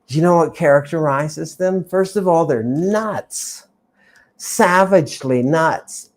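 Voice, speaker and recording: Slow, theatrical woman lecturer. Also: deep voice, a little mellow. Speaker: host. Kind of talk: livestreamed lecture to a chat audience.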